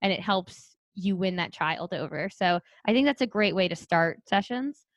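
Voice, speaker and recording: A woman speech therapist co-hosting a podcast, talking in a chatty, animated way with lots of "like". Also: on the low side, no room sound, dull audio. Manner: chatty, quick and animated, filler-heavy. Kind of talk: casual chat.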